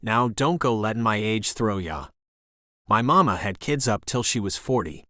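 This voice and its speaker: A man's voice: lowish voice, expressive, moderate pace, sharp tone, dry recording. A man voicing a pushy, chatty woman caller in a romance audiobook, rambling and boastful in a dry close recording. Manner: rambling, boastful, talks over others. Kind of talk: audiobook narration.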